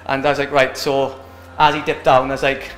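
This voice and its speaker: A man's voice: mid-range voice, flat delivery, fairly quick, a bit bright, roomy sound. A young man from Britain, an MMA fighter talking casually after a win, rambling and often asking "do you know what I mean". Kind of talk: post-fight interview.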